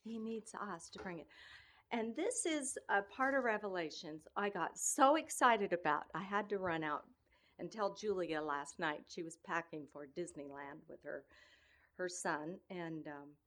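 A woman giving an informal sermon, earnest and emotional, speaking in halting phrases with many restarts between scripture readings. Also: on the low side, fairly bright tone. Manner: earnest and emotional, often tearful in tone. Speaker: speaker sharing a devotional message.

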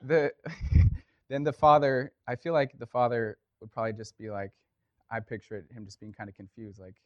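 A man's voice: medium pitch, little pitch movement, moderate pace, a little mellow, dry recording, highs cut off. A man preaching a casual sermon, talking conversationally with lots of fillers and telling a story.

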